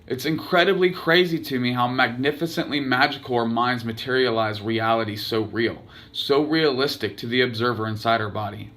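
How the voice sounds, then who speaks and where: A man's voice: medium pitch, normal speed, hardly any pauses, a bit bright. A man reading aloud his own blog post, telling a personal story earnestly and dramatically.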